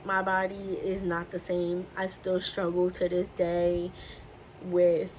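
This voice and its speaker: A woman's voice: fairly low pitch, monotone, takes it slowly, darkish tone, rough recording. Young woman vlogger, emotional personal storytelling, faint background noise. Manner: emotional, repetitive retelling. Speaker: beauty vlogger telling her story.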